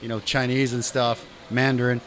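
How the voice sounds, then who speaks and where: A man's voice: mid-range voice, little pitch movement, normal speed, fairly bright tone, slight background noise. A middle-aged man hosting a casual interview chat, upbeat and friendly, calling his guest brother and man. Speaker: host.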